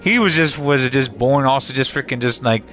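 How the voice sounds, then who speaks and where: Man, gaming streamer, headset mic, bright sharp voice, rambling casual chat, swears a lot. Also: mid-range voice, animated, moderate pace, soft background music. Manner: rambling, self-correcting, swears and laughs often. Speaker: gaming livestreamer. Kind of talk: casual live commentary, chatting with viewers.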